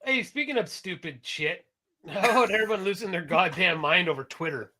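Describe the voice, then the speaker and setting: Man, podcast co-host, casual chat, bright forceful voice, swears freely. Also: sits high, a little fast. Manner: animated, loud impressions, swears freely.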